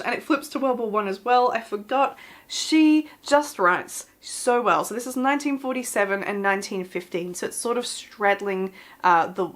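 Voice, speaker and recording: A young woman talks through her book plans in a casual, excitable ramble. She piles on fillers and stops to correct herself mid-sentence, bubbling with enthusiasm as she goes. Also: mid-range voice. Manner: chatty and excitable, with frequent fillers and self-corrections. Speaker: book vlogger. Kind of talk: casual book chat to camera.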